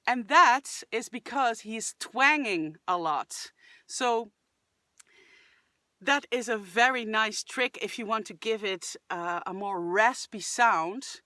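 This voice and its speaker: In slow, expressive speech with a slightly high voice, a woman hosting a singing channel reacts and coaches vocals in a chatty, upbeat way. She occasionally breaks into sudden shouts and sung fragments as demonstrations, all on a dry recording.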